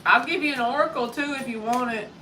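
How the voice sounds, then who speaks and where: Woman, 30s, casual live tarot reader, crisp bright tone, set back from the mic. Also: high voice, fast, recorded from a distance, slight background noise, low-quality recording. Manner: chatty, greets viewers by name. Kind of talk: live-stream tarot reading.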